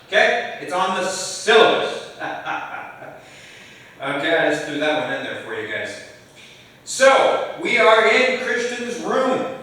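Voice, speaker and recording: Male film lecturer, slow and bright, joking with his class, recorded from afar in an echoey hall. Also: on the high side. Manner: chatty, jokes with students. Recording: echoey hall, far from mic.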